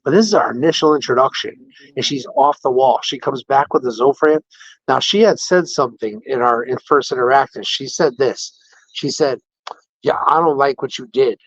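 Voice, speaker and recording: A man's voice: mid-range voice, moderate pace, breathy edge. Man telling an indignant story, dull lo-fi audio. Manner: animated, indignant retelling with quoted dialogue. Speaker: podcast host. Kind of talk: casual storytelling. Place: patient room in a care facility.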